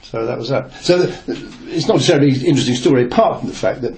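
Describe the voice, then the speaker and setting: An older man reminisces in an oral-history interview, his story meandering through hesitations and restarts. His voice sits at an ordinary pitch, and a faint hiss of noise lies under the recording. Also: lively intonation, rapid-fire, gravelly, a little mellow. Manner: rambling, hesitant, with many fillers and restarts. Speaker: interviewee, former newspaper reporter.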